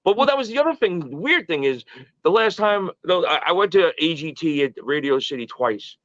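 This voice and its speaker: A man's voice: fairly high pitch, animated, normal speed, fairly bright tone, no room sound, highs cut off. A man in his early forties, a podcast guest, telling stories in a casual, profane, rambling way. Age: early 40s.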